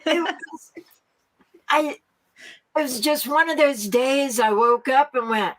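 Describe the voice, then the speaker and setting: Chatting as an interview guest, a middle-aged farmer from the United States talks slowly and keeps breaking into laughter. She has a higher, slightly bright voice, captured on poor audio, and the conversation is casual.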